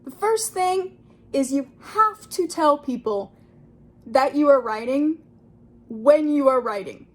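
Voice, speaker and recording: A bubbly young woman with a high voice talks straight to camera about her writing. She chats in a lively, friendly way and slips into other people's voices when quoting them. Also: slow pace. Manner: bubbly, acts out quoted voices. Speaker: writing vlogger. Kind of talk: casual talk to camera.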